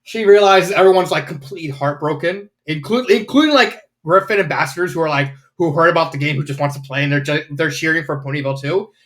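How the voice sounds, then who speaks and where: A man's voice: a little high, fast, few pauses, fairly bright tone. A man casually reviewing fanfiction, rambling with lots of fillers and the odd swear word.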